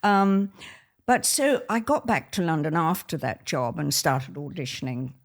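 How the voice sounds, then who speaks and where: Gravelly older woman storyteller. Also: sits low, a little slow. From Australia. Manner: lively, expressive, laughs while telling stories. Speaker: guest, former ballet soloist. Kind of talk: anecdotal storytelling in conversation.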